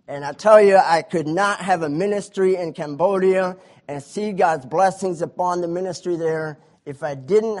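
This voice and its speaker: A man preaching a sermon, his voice swelling loudly on key points and dropping low between them. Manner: preaching with surges of volume and drawn-out emphasis. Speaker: pastor.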